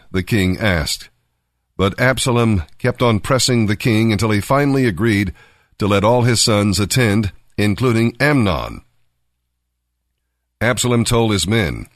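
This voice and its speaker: Male narrator, low voice, lively expressive reading, dry close mic. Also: unhurried, dry recording. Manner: expressive storytelling. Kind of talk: scripted narration of a Bible story.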